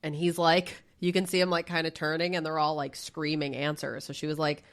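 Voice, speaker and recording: A woman co-hosting a podcast, telling stories in a chatty, animated way. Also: sits low, fairly quick, hardly any pauses. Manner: chatty, animated storytelling, frequent fillers and swearing. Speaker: podcast co-host. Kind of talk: casual chat.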